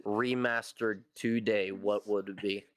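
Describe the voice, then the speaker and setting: A man's voice: lowish voice, fairly even intonation, a little slow, dry recording. A man co-hosting a casual podcast, laid-back and blunt, swearing casually. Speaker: podcast co-host, streamer. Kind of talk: casual chat.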